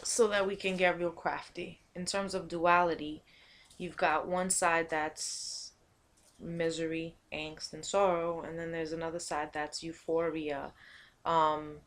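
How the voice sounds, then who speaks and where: A woman's voice: low-pitched, flat delivery, a little slow. A woman from Montana vlogging a casual reply to her cousin, musing and rambling in a playful way. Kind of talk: casual vlog to camera.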